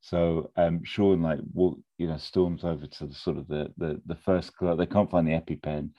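A man with a very low, mellow voice talks through a film idea in casual chat. He rambles with lots of restarts and fillers, and the audio is a little dull. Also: steady tone, moderate pace.

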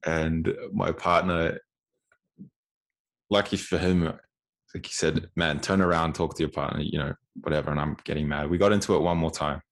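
A man in his twenties with a very low, gravelly voice tells his own stories in casual conversation. He speaks candidly and often repeats words as he finds his way. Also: steady tone, moderate pace. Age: 20s.

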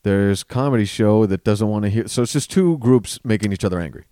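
A man, a comedian guest on a podcast, telling stories in casual chat with lively swearing. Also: on the low side, fairly quick, no echo, clean studio sound. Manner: animated storyteller, swears freely.

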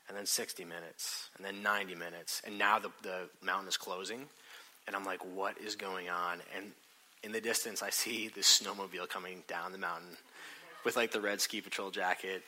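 Animated bright-voiced man telling a story. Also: fairly low pitch, a little fast. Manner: animated, self-mocking storytelling with acted quotes. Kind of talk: storytelling sermon.

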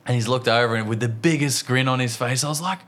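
An Australian man co-hosting a podcast, telling a story in an animated, tumbling way. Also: mid-range voice, fast talker. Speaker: podcast co-host. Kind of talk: casual chat, storytelling.

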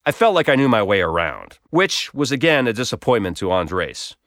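A man's voice: lowish voice, very animated, moderate pace, fairly bright tone, dry recording, studio quality. Wry man telling a personal story. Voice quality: wry, self-deprecating, conversational. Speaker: blog storyteller.

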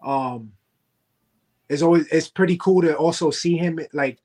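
Cocky, high-voiced wrestling champion man. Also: measured pace, darkish tone. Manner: cocky trash talk. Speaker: guest wrestler, heavyweight champion. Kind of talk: podcast interview.

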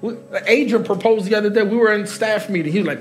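A man's voice: high-pitched, fast. A middle-aged man preaching live as pastor in a large church hall, joking with the congregation and laughing. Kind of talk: sermon.

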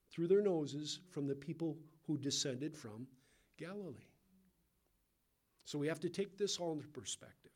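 A man with a Californian accent, teaching a Bible passage in a relaxed, conversational sermon with asides and questions to the listeners. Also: fairly high pitch. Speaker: pastor.

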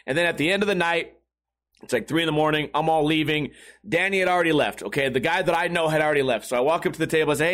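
A man's voice: a little high, very fast, a bit bright. A young man telling a story casually, rambling, swearing and laughing often as a podcast host.

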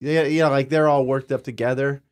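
A man's voice: mid-range voice, fairly even intonation, fairly quick, a little mellow, smooth. A man co-hosting a spiritual talk show, telling earnest, rambling personal stories in casual chat.

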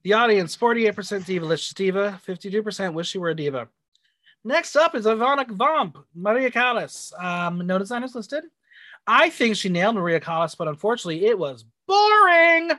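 A man's voice: high voice, expressive, a little fast, pushed and bright, no echo. A man co-hosting a casual podcast, recapping a drag show and reading out the judges' critiques with sass. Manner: reads out judges' critiques, sassy. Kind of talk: casual chat.

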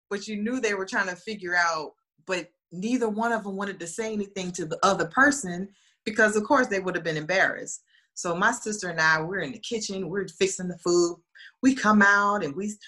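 Animated woman telling stories. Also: medium pitch, moderate pace. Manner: lively, animated, acts out quoted voices. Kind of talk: casual storytelling.

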